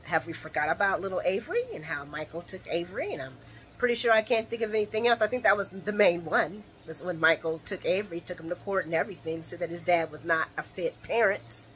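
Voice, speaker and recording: A woman hosting a casual late-night soap opera recap vlog, animated and laughing often as she acts out characters' lines. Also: fairly low pitch, fast, a little hiss or hum.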